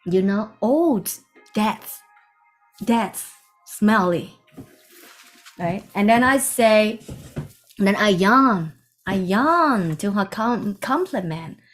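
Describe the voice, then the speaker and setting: Soft-spoken woman telling a spiritual story. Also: mid-range voice, animated, slow pace, pauses often, faint music behind. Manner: soft-spoken, meandering, with hushed asides. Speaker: spiritual teacher.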